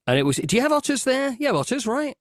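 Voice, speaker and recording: A man's voice: very high-pitched, fast talker, no room sound, studio quality. An English man chatting as a guest over a video call, telling stories animatedly and acting out scenes. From Britain. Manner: animated storyteller, acts out scenes. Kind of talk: casual chat.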